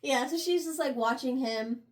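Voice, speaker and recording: A young woman co-hosting a casual book review chat, slangy and laughing, acting out characters in quick asides. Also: sits high. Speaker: book review podcast co-host. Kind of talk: casual chat recapping a novel.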